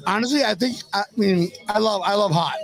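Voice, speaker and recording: A man's voice: high-pitched, a little fast, gravelly. A man chatting casually on a live stream, bluntly judging chicken wings and swearing freely. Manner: blunt, swearing, food tasting. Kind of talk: casual chat. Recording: noisy party crowd. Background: party crowd.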